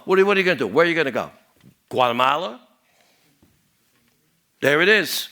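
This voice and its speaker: A man playing a rambling, paranoid married guy who tells deadpan puns, jumps from topic to topic and mutters at the end of each rant, in a stand-up character monologue. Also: on the high side.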